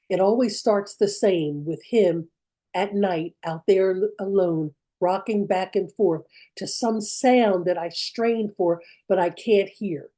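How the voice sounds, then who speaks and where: Warm-voiced woman telling a personal story. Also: mid-range voice, poor audio.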